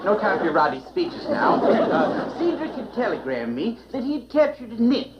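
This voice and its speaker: A pompous british admiral, blustery, wild up-and-down voice, old tv audio with laugh track. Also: male voice, sits high, very animated, normal speed, highs cut off, crowd noise, background noise. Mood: blustering. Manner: pompous, blustery, throat-clearing.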